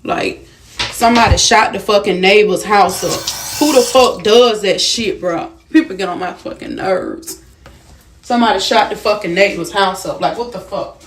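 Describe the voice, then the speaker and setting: Just woken from sleep and shaken, a woman vlogger vents angrily to her viewers, swearing heavily and repeating herself in agitation. Her voice is mid-range at normal speed, with a little hiss or hum on the recording.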